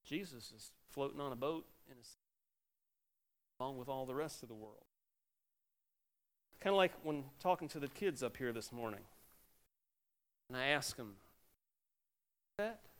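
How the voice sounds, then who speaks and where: Animated male pastor preaching. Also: mid-range voice, a little slow, pauses often. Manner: animated preaching with sudden loud exclamations. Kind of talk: sermon.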